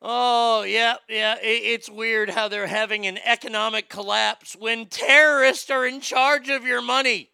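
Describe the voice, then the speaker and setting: A middle-aged man rattles through a comedic commentary in a mocking, sarcastic tone, laughing at his own jokes. His voice sits high and bright, with a gravelly rasp. It is recorded dry, with no room sound. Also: steady tone, unhurried, hardly any pauses, no room sound. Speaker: host.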